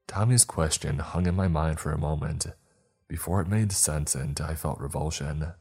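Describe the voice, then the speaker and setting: A man narrating a horror story in a slow, grim, measured reading. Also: a bass voice, darkish tone, husky, faint music behind.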